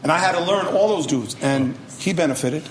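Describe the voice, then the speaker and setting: A man telling stories as a guest rapper in a podcast interview, energetic and profane. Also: fairly high pitch, brisk, slight background noise.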